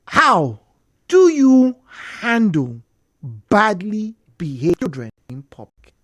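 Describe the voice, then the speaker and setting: Slow-paced and medium-pitched, a woman hosting a radio talk show narrates a story in her Nigerian accent. She's lively and emphatic, repeating herself to drive points home, and there's no echo on the recording.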